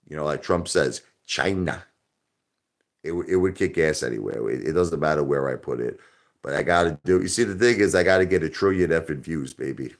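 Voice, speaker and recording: A man hosting a live stream in casual, rambling talk, joking loudly at times and turning quiet and somber at others. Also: extremely low pitch. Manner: loud, joking, rambling, swings into soft somber tones.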